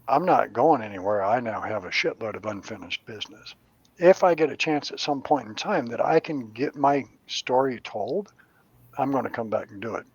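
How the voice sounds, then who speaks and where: A middle-aged man spins stories in loose, profane chat and acts out the voices of the people in them. His voice sits at an ordinary pitch with a husky, breathy edge. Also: normal speed, no room sound, muffled recording. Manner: animated, profane storyteller acting out voices. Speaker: medium. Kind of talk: casual storytelling chat.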